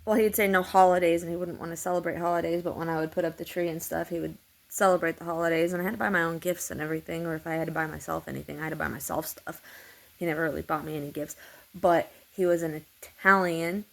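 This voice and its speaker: A woman's voice: fairly low pitch, fairly even intonation, quick pace, vocal fry, rough recording. A woman telling a long personal story in a meandering, repetitive way, swearing freely. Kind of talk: rambling personal monologue.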